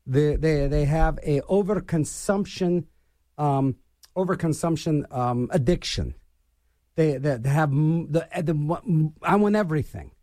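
A man's voice: a little high, unhurried, warm tone, no room sound, clean studio sound. A middle-aged man hosting a radio show and delivering an opinionated political rant, scornful and repeating his phrases for emphasis.

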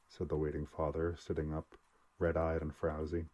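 A man narrating a story aloud in a steady, dry storytelling voice. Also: very deep voice, moderate pace, highs cut off. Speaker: audiobook narrator. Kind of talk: scripted narration.

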